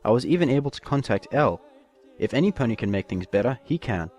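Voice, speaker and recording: A man voicing a younger female pony princess who gently reassures her sister. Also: mid-range voice, very animated, fast talker, faint music behind, pitched above the performer's own voice. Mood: reassuring. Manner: soothing, reassuring.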